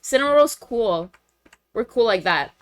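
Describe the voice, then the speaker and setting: A woman voicing a sweet, cheerful cartoon cafe girl in a high, gushing, friendly voice. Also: expressive, measured pace, dry recording. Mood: reassuring.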